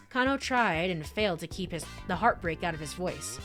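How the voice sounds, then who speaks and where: Bubbly gal doing a lets play, reads the text and giggles, lively voice. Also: female voice, on the low side, moderate pace, few pauses, soft background music. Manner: giggly, animated, reads text then reacts. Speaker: game streamer. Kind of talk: let's play narration and commentary.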